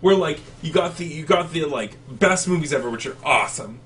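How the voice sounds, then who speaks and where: A man's voice: fairly high pitch, expressive, a little fast, a bit bright, slight background noise. A man co-hosting a casual chat, chatty and often hesitating. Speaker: podcast co-host. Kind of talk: casual chat between matches. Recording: distant mic with faint ambience.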